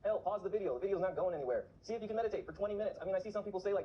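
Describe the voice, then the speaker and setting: A man's voice: high voice, rapid-fire, warm tone, dull audio, a little hiss or hum. A man talking to camera in a casual vlog, urgently exhorting his viewers. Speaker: vlogger on remote viewing.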